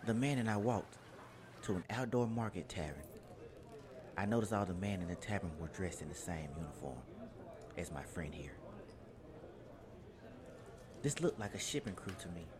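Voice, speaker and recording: A man reading a first-person adventure story in a measured, journal-like way, with crowd noise behind. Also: deep voice. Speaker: narrator.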